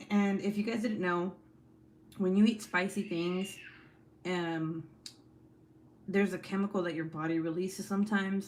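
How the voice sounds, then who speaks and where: A woman in her thirties chats on her home livestream in a lowish voice. She tells stories with animation, swears casually and laughs often. A faint hum of background noise sits behind her. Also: darkish tone. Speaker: livestream host. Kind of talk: casual livestream chat while crafting.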